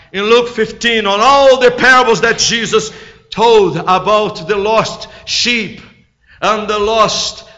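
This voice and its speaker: High, bright-voiced man preaching with fervor. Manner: emphatic, swings between loud proclaiming and quiet asides; slightly broken English. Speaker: guest preacher. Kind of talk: sermon. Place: church. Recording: echoey, dull church recording.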